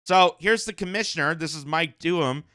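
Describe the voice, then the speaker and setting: Sarcastic, bright-voiced male commentator. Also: fairly high pitch, normal speed. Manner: sarcastic, mocking mimicry of critics. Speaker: commentary host. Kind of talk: casual political commentary.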